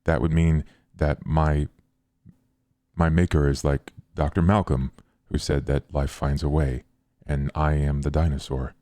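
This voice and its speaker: A man voicing a literal-minded, pedantic created being, speaking flatly and matter-of-factly in a tabletop role-play. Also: rumbling low, unhurried, no room sound.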